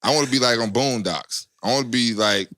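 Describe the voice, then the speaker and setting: Bright-voiced laughing man, slangy banter. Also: mid-range voice, brisk, no room sound, clean studio sound. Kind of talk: casual chat.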